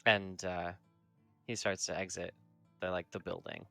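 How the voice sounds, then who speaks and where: A man narrating a tabletop game as game master, rambling with lots of fillers and slipping into quick character quotes. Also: low-pitched, level tone, creaky, a bit bright, faint music behind. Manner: rambling, full of fillers like "like" and "kinda".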